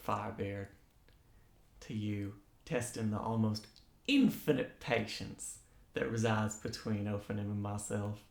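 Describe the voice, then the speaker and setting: A man playing a formal, self-assured male saint who speaks in a measured way. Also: fairly low pitch, gravelly. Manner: measured, formal, sometimes quiet. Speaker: player. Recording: echoey room.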